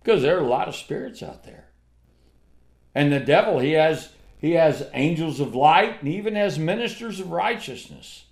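A man preaching a sermon, slow and emphatic, with dramatic swings between loud and hushed delivery. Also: fairly high pitch, lively intonation, creaky.

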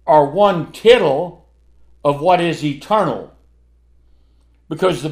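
Slow, emphatic male preacher. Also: fairly high pitch. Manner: slow, emphatic, with dramatic swings in loudness. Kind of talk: sermon.

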